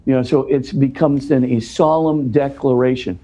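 Mellow-voiced man explaining earnestly. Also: mid-range voice, steady tone, normal speed. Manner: earnest, explanatory, often restarts words. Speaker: interview guest. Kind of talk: conversational explanation in an interview.

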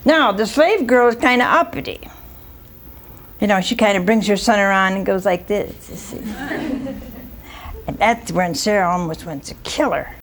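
A woman's voice: mid-range voice, lively intonation, normal speed, long pauses, slight background noise. A woman preaching a storytelling sermon, retelling scripture with chatty asides and rhetorical questions to the congregation.

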